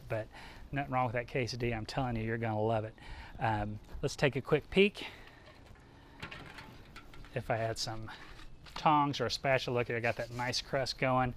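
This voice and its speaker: A man's voice: medium pitch, fairly bright tone, slight background noise. A man hosting a live cooking demonstration, talking casually and upbeat with plenty of fillers as he works.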